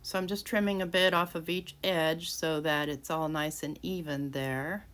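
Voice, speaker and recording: A woman's voice: low voice, steady tone, normal speed, a bit bright. A woman talking casually as she walks through each step of making a handmade card, narrating what she does with frequent restarts. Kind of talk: casual crafting tutorial. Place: home craft room.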